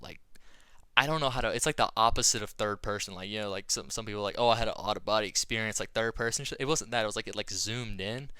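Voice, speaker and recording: A man's voice: lowish voice, a bit bright, smooth, no echo. A young man vlogging, casually telling a rambling story with lots of swearing and a laid-back delivery.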